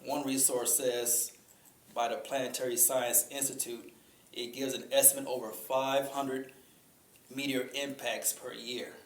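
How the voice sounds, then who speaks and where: A man giving an informal talk to a group, conversational, pausing often with fillers. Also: mid-range voice, flat delivery. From Chicago. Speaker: speaker. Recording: echoey room with faint ambient noise.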